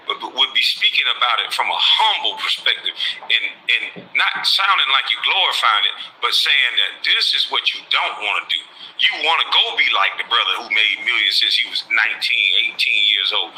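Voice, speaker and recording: A man's voice: medium pitch, lively intonation, normal speed, sharp tone, rough recording. A man giving reaction commentary, mocking and lecturing the person he reacts to.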